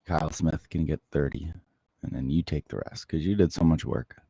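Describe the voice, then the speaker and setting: A man hosting a casual livestream, chatting softly and closely into the microphone as he answers viewer comments. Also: very deep voice, normal speed, creaky, breathy edge, no echo. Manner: soft-spoken, close to the mic. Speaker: livestream host.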